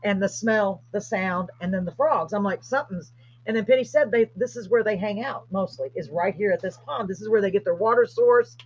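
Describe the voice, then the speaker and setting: A woman's voice: medium pitch, fairly quick, breathy edge. A woman, hosting and animatedly telling a story in a casual chat. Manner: animated, excited retelling. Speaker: host. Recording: dull lo-fi livestream audio.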